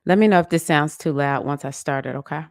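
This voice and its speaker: A woman hosting a live online women's circle, reading out chat comments in a soft, affectionate, unhurried way. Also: low-pitched, no echo. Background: music playing.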